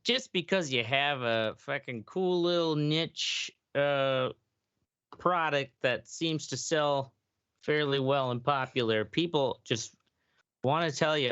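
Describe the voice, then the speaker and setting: Rambling podcast host, casual and sweary. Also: male voice, medium pitch, slow pace, a bit bright, smooth, dry recording, muffled recording. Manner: rambling, swears freely, trails off with fillers. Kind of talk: casual chat.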